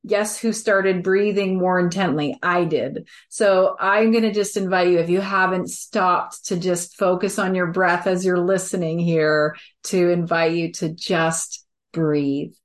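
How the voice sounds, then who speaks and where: Earnest low-voiced woman podcast host. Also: fairly even intonation, a little slow, few pauses. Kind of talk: reflective conversational chat.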